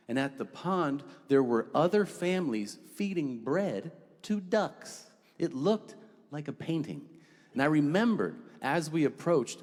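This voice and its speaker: A man's voice: mid-range voice, darkish tone. A man in his forties performing a stand-up comedy set, acting out characters with shifting voices on a handheld mic in a large theater. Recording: echoey theater hall with crowd noise.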